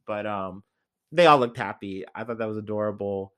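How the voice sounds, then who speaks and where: A man's voice: fairly low pitch, moderate pace. A young man hosting a casual podcast, rambling loosely with lots of fillers and swearing. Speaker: podcast host. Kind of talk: casual solo podcast chat.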